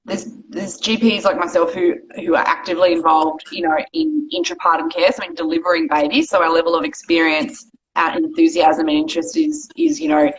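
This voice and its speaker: A woman's voice: lowish voice, animated, a little fast, poor audio. A woman doctor, chatting casually on a podcast and explaining things with plenty of fillers. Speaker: GP guest.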